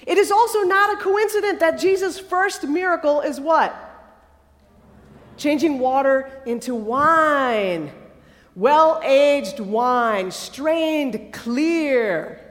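Woman preacher, high voice, lively conversational sermon, echoing hall. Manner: lively, conversational, acts out quotes. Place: chapel or hall.

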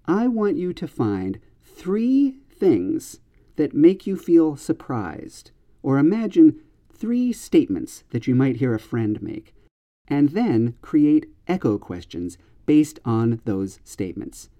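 Guy doing an english grammar podcast, super dark mellow voice, lively up and down pitch, patient. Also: slow. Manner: clear, patient explaining with exaggerated intonation examples. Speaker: English teacher.

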